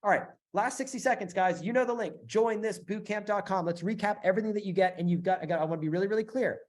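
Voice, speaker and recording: Emphatic, fast-pitching male webinar host. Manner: energetic, emphatic, repeats phrases, many fillers. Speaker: webinar host selling a business bootcamp. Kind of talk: live sales webinar pitch with Q&A.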